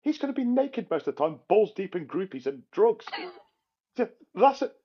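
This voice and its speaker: A man's voice: high voice, normal speed, husky. A man bantering on a casual podcast, making crude jokes. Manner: crude joker, lively and bantering. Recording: dull lo-fi sound.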